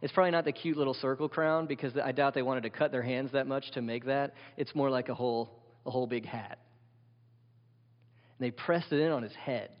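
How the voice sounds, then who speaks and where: A man's voice: medium pitch, fairly even intonation, fairly quick. A man preaching as pastor, emphatic and asking his listeners question after question. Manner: emphatic, asks the congregation many questions. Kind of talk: sermon. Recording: dull sound with long hall reverb.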